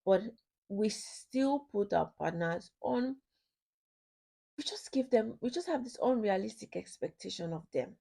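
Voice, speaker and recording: A woman's voice: medium pitch, lively intonation, unhurried, creaky, warm tone, husky. Woman teaching about marriage acceptance. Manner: repeats key points, asks listeners questions. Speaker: ministry speaker.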